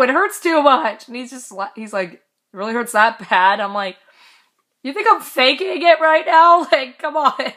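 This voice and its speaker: A woman's voice: medium pitch, pushed and bright. A young woman casually telling a story in a vlog, chatty and laughing, swearing now and then. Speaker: vlogger.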